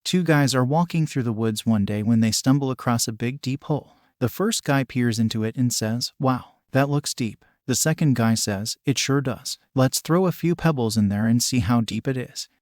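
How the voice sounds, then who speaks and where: A man narrating scripted jokes in a measured, matter-of-fact way. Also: medium pitch, darkish tone, dry recording, clean studio sound. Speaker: joke narrator.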